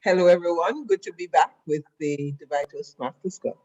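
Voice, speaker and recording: A man's voice: high-pitched, a little fast, darkish tone. A returning guest, a man, speaking cheerfully over a video call. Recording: dull video-call audio.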